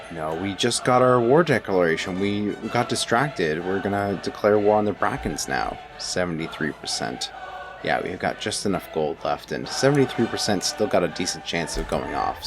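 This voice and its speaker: A man giving let's-play commentary on a strategy game, musing aloud and playfully villainous. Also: deep voice. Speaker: gameplay commentator.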